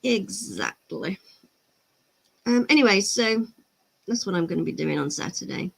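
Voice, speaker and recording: On her miniature-painting livestream, a woman chats casually, answers chat comments, and laughs easily. Her medium-pitched voice is expressive and fairly quick, with creakiness and a slightly bright quality.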